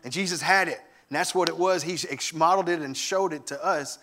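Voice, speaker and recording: Guy preaching, telling funny stories, kinda high voice, real animated. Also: fairly quick, slight background noise. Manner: animated storytelling with humor. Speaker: guest preacher. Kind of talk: sermon.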